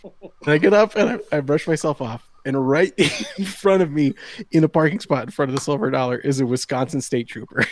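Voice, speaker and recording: A man's voice: on the high side, brisk. A man in his thirties telling a long story to friends in a casual chat, laughing often and acting out the people he quotes. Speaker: podcast host.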